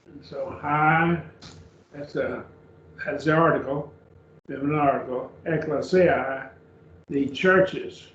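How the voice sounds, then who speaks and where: Male teacher, slow and deliberate lecture delivery, slightly higher voice, roomy dull recording. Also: fairly even intonation, a bit bright. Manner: slow, deliberate, repeats and spells out words. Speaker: Greek teacher. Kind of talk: classroom lecture. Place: church classroom. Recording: echoey room, dull far-off mic, faint hiss.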